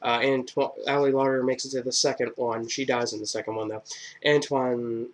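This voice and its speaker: A man's voice: mid-range voice, little pitch movement, normal speed. A man giving a casual spoken movie review, rambling with lots of fillers and a crude, irreverent sense of humor. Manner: rambling, filler-heavy, joking retelling.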